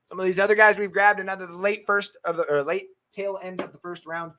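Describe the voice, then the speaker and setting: A man's voice: sits high, fairly even intonation, a little fast, bright, forceful tone. A man hosting a live-streamed football talk show, brash and hyped, swearing freely and answering viewer comments from his webcam setup. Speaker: sports podcast host.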